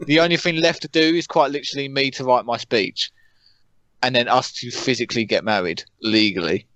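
A young man co-hosting a podcast, chatting casually in a flat, monotone way. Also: medium pitch, brisk, no echo. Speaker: podcast co-host. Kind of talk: casual chat.

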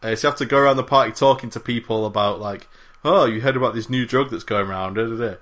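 A man's voice: mid-range voice, fast talker, fairly bright tone. Guy on a gaming podcast, rambly, mocks himself, swears a lot, casual. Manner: rambling, self-mocking, sweary. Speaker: podcast co-host. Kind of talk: casual chat.

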